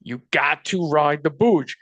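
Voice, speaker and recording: A man's voice: fairly high pitch, a little slow, a bit bright, no room sound. A man hosting a casual sports betting podcast, bantering and joking crudely with his co-host.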